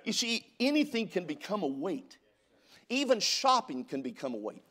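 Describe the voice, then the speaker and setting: A man's voice: high-pitched, sing-song, moderate pace, fairly bright tone. A middle-aged male pastor from California preaching a sermon, telling stories with stammered restarts and reading scripture in a rising preaching cadence. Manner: storytelling with repeated stammered restarts.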